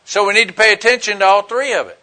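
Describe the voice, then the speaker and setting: A man's voice: sits high, quick pace, sharp tone. A man preaching a conversational sermon in a casual, plain-spoken way, with frequent "you know" fillers.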